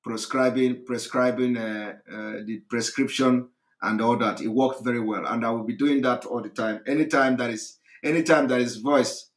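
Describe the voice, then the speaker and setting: A hoarse man, hosting a live address, talking repetitively with laughs and emphasis. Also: mid-range voice, steady tone, moderate pace, echoey room. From Nigeria. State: hoarse, recovering voice. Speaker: host of a live broadcast.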